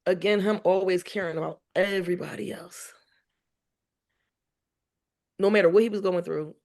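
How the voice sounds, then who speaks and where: A woman's voice: fairly low pitch, normal speed. Woman vividly retelling family memories. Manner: animated, laughs often, acts out remembered dialogue. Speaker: mother of a child with cancer, podcast guest. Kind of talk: emotional podcast interview storytelling.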